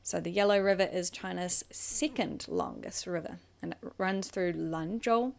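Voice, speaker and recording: Slow, patient New woman teaching. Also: fairly low pitch, big pitch swings, gravelly, darkish tone. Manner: patient, explains slowly, models Mandarin tones. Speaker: Chinese language teacher. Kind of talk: recorded vocabulary lesson.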